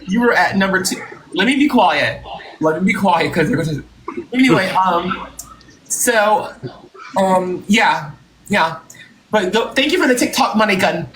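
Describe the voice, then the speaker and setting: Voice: mid-range voice, fairly bright tone, slight background noise, poor audio. A host on a live stream, boastful, thanking viewers for gifts by name. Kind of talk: casual live stream chat.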